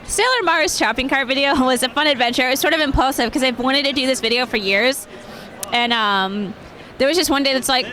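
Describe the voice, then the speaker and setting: A woman's voice: sits high, brisk, pushed and bright. A young woman answering interview questions at a convention in a chatty way, with many fillers and frequent laughs. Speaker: cosplayer guest.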